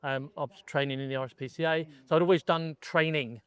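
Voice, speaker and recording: A man's voice: on the high side, fairly even intonation, fast, a bit bright, clean tone. A middle-aged man, a gun dog trainer from England, chatting casually as a podcast guest and telling his story with many restarts.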